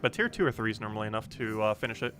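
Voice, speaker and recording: Young guy streaming a game, rambly casual chat w lots of ums, bright voice, faint music behind. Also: fairly low pitch, racing. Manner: chatty, rambling, many ums and restarts, answers chat questions. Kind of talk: casual live-stream commentary while playing.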